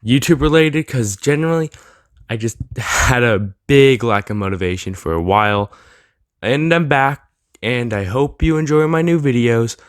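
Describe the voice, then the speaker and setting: A man's voice: mid-range voice, expressive, moderate pace, smooth, no room sound, clean studio sound. A young man delivering a rambling, sarcastic opinion rant for his anime channel. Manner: rambling, sarcastic, with filler words and restarts. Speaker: anime YouTuber.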